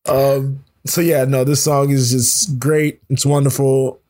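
A man's voice: medium pitch, flat delivery, slow pace, warm tone. A man co-hosting a casual podcast chat, with a slight natural slur, laughing often and restarting his sentences as he rambles. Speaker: podcast co-host. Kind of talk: casual chat about a musical.

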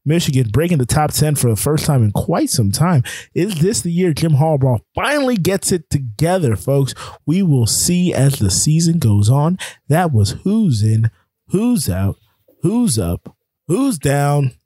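A man hosting a casual sports podcast, chatting about the playoffs with quick asides and frequent ums. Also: fairly high pitch, big pitch swings, warm tone, slightly rough, no echo.

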